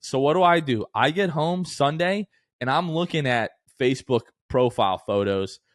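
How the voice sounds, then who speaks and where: A man's voice: mid-range voice, moderate pace, no echo, clean studio sound. A man in his late twenties co-hosting a casual podcast, telling stories and acting out what others said. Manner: animated storyteller, acts out quotes. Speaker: podcast co-host. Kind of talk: casual chat.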